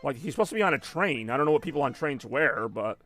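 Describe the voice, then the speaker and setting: A man's voice: mid-range voice, lively intonation, fast talker, sharp tone, faint music behind. A young man chatting casually and rambling while he plays a video game on a live stream. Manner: rambling, conversational, many fillers.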